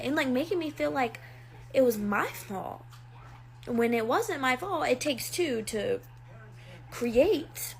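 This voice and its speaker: A woman's voice: high voice, lively intonation, takes it slowly, pauses often. A young woman telling a dramatic personal story in a chatty, casual way, with lots of fillers.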